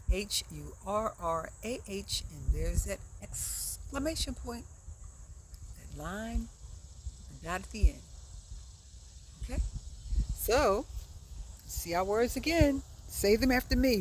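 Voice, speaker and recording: A woman teaching a preschool lesson outdoors, reading in a slow, exaggerated, expressive way for small children. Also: medium pitch, slight background noise, rough recording. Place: outdoors by a wet board.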